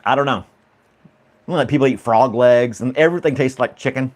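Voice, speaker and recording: A man's voice: mid-range voice, a little fast. A man hosting a casual chat stream, laughing often and rambling through questions to his viewers. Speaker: livestream host reading chat.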